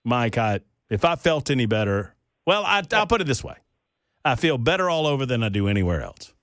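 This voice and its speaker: Folksy talk radio host, animated. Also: male voice, medium pitch, brisk, no room sound, studio quality. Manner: folksy, drawling joke teller with lots of laughing. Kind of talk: casual talk radio chat and joke telling.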